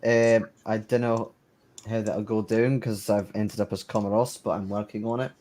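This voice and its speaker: A man's voice: fairly low pitch, flat delivery, moderate pace, mellow, slight background noise. Blunt British man playing a tabletop game. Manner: blunt, sweary. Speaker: player. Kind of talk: casual chat in a tabletop game.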